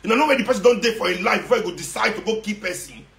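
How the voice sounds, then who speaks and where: A man's voice: high-pitched, rapid-fire, creaky, a bit bright, slight background noise. A man with a Nigerian accent delivering an impassioned, sarcastic monologue to his online followers. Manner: ranting, sarcastic, mixes Nigerian Pidgin. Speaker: social media commentator. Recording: echoey room.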